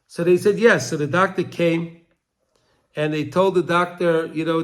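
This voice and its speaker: High-voiced emotional Torah storyteller man. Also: fairly even intonation, normal speed. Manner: emotional storyteller, repeats words and restarts, cries out quoted pleas. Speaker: Torah teacher.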